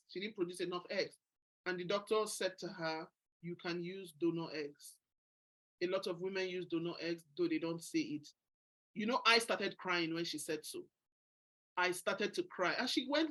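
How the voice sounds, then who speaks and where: A woman in her forties hosting a book club discussion, telling candid stories and quoting the people in them. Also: lowish voice. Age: 40s. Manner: candid, animated storytelling with quoted voices. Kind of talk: casual group discussion.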